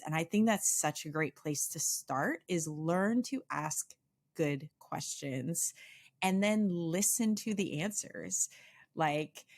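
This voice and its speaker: A woman in her 40s hosts a podcast interview in a low, creaky voice. She chats casually, laughing often and filling her speech with lots of "like."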